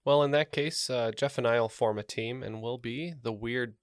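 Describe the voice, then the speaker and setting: A man's voice: medium pitch, normal speed, clean tone, no room sound. A man co-hosting a trivia podcast with a mid-range voice and a wry, teasing delivery. The recording is dry and close, with no room sound around him. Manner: joking, wry. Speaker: podcast co-host and player. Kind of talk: casual podcast chat.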